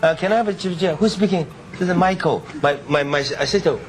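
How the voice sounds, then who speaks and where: A man whose first language is Cantonese, telling a casual story, halting and chuckling as he talks. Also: sits high, background noise. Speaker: talk show guest. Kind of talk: casual anecdote.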